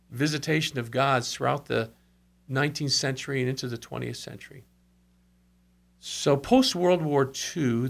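This man's medium-pitched voice is a bit bright and carries vocal fry. He's an earnest storyteller recounting revival tales in conversation, slipping in short asides and repeating what others said.

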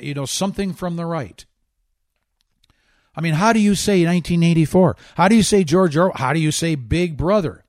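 Fervent talk radio host, dry close sound. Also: male voice, on the high side, darkish tone, no room sound. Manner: fervent, emphatic, preachy. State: out of breath. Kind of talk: political commentary monologue.

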